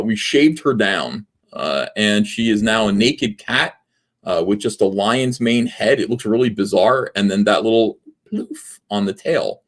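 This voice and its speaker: A man in his forties hosting a casual livestream from his home office, rambling and sarcastic, with plenty of fillers while he reads out viewer messages. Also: lowish voice. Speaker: livestream host. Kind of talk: casual livestream chat reading super chats.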